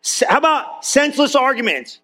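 Male pastor, high-pitched, loose joking sermon delivery. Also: sing-song, a little fast, pushed and bright. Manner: casual, joking, talks straight to the congregation. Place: church.

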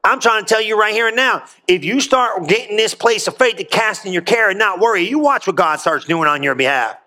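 High, bright-voiced preacher exhorting a congregation. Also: male voice, lively intonation, fairly quick. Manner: emphatic call-and-response preaching. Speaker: pastor. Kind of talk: sermon. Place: church.

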